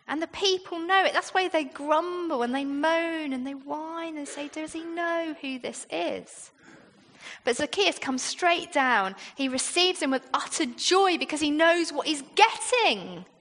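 A British woman with a high, light voice gives a sermon in a chatty, down-to-earth way, turning to the congregation with rhetorical questions. Her voice rings out with a long reverb, as in a large church hall. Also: a bit bright. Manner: conversational, with frequent rhetorical questions. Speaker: preacher.

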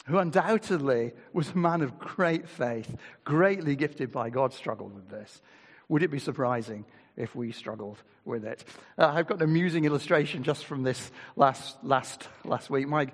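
A man's voice: on the high side, lively intonation, moderate pace, big-room sound. An older man preaching a sermon in a chatty way, reading scripture aloud and asking his listeners rhetorical questions.

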